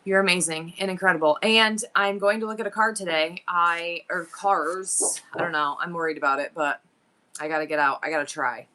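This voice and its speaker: A woman live-streaming to her viewers, chatting casually and excitedly as she thinks aloud through her numbers and goals. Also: on the low side, moderate pace.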